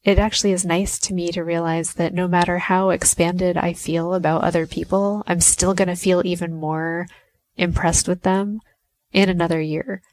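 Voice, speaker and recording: A young woman muses aloud in a candid, casual monologue, laughing now and then. Her voice sits a little low. The sound is dry and close, with no room around it. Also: darkish tone, no room sound. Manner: candid and musing, with laughs and filler likes.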